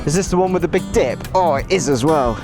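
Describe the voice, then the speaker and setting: Young man, slightly high voice, casual self-mocking ride commentary over music. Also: fast. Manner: exclaiming, laughing at himself, swearing. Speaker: motorcycle vlogger. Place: outdoors on a motorbike trail. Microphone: action camera with portable recorder.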